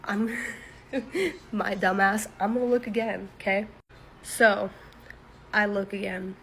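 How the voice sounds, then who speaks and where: A woman's voice: medium pitch, steady tone, slow, a bit bright, slight background noise, low-quality recording. A young woman telling a personal scary story in a casual, chatty way, full of "like" fillers, nervous laughs and swearing.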